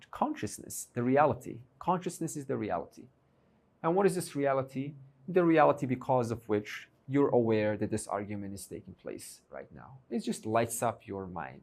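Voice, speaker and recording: A man's voice: mid-range voice, darkish tone. A man giving a spiritual teaching talk at a retreat, asking his listeners questions and answering them himself. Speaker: Vedanta teacher.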